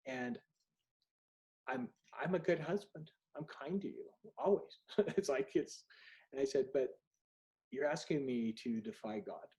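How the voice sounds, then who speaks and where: A man's voice: medium pitch, unhurried, dark tone, rough recording. Candid middle-aged man telling stories. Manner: candid, anecdotal, acts out dialogue. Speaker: author guest. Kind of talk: storytelling in an interview.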